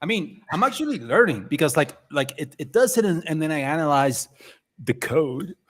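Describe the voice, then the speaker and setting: A man's voice: fairly high pitch, big pitch swings, moderate pace, a bit bright. A man hosting a livestream in a chatty, rambling, playful way. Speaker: livestream host. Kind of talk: casual live chat.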